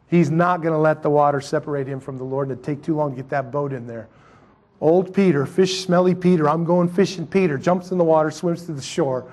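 Husky-voiced man preaching with emphasis. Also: fairly high pitch. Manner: animated preaching that swings between loud emphasis and quiet asides. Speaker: pastor. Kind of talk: sermon.

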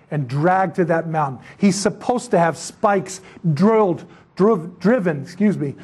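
A man preaching a sermon who tells the story dramatically, acting out scenes and rising to emphatic peaks. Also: breathy edge. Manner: rises to emphatic high-pitched peaks.

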